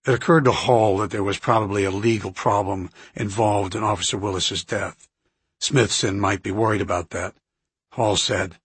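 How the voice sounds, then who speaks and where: A man reading an audiobook aloud in a measured, even narration. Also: on the low side, husky, dry recording.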